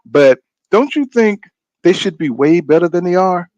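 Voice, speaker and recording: A man's voice: sits high, expressive, normal speed, darkish tone, no echo. A man hosting a boxing podcast. He talks in a casual, rambling way, gets heated and swears a lot, and keeps saying "you know what I'm saying". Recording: dull, dry lo-fi sound.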